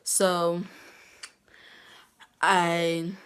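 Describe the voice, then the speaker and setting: Teen girl vlogging a story, slowish and halting, kinda low voice, lots of ums. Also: little pitch movement, a bit bright, clean tone. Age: teens. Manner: halting, many ums and restarts, laughs at herself. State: getting emotional, near tears. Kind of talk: casual storytelling.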